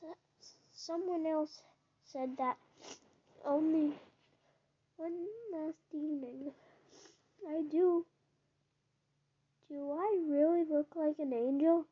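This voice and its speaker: A woman reading aloud voices a vain, beautiful young woman in a white dress who gushes and then turns sharp and dismissive. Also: high-pitched, steady tone, takes it slowly, long pauses, highs cut off, pitched above the performer's own voice. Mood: gushing.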